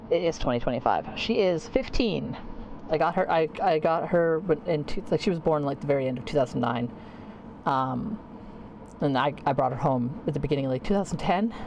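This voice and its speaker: Low-voiced chatty woman streamer. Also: a little mellow, a little hiss or hum, poor audio. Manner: rambling, chatty, self-correcting. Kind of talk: casual gameplay chat. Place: home computer room.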